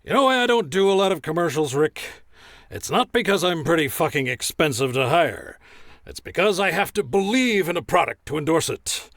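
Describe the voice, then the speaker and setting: An actor playing a crude, hard-drinking middle-aged arena announcer who talks in a blustering, profane, indignant way. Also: male voice, fairly high pitch, lively intonation, moderate pace, fairly bright tone, dry recording, studio quality. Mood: ranting. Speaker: announcer recording an ad spot. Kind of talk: comedy skit acting.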